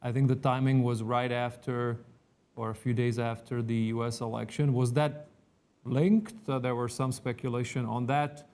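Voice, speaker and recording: A man's voice: medium pitch, level tone, normal speed, darkish tone. A man moderating a conference panel, asking a guest polite, hesitant follow-up questions.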